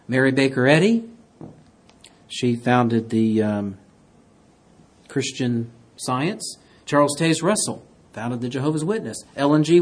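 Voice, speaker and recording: A man preaching a sermon, reading scripture aloud and swinging between loud, emphatic declarations and quiet, hushed asides. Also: medium pitch, slightly rough. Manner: reads scripture in King James wording.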